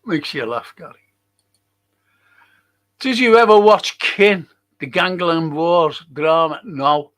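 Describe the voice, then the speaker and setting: Slow, grumbling older English host. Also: male voice, fairly high pitch, fairly bright tone. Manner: grumbling, swears a lot, moaning. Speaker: livestream host. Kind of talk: casual live chat reading viewer comments.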